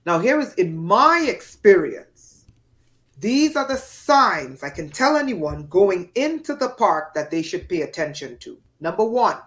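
A woman's voice: medium pitch, very animated, measured pace. A woman from Trinidad and Tobago, a podcast guest, telling a dramatic personal story with emphatic, acted-out voices. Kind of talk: storytelling in an interview.

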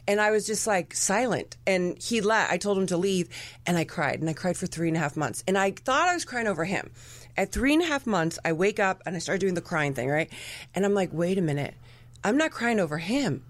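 A woman's voice: medium pitch, no room sound. A woman speaking earnestly and emphatically as a podcast guest, telling personal stories with many "like"s. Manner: emphatic, earnest, says "like" a lot. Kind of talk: heartfelt conversational storytelling.

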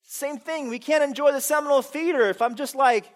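A man with a very high-pitched voice preaches a sermon in a casual, conversational way, speaking briskly with few pauses. He poses rhetorical questions to the congregation and swings between loud emphasis and quiet asides.

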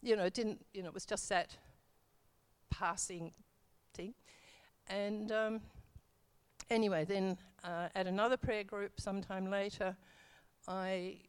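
A woman's voice: medium pitch, steady tone, measured pace, clean tone. Middle-aged woman telling her testimony at church, rambly, keeps correcting herself, um and you know a lot. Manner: rambling, hesitant, with many fillers and self-corrections. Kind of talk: church testimony, casual storytelling.

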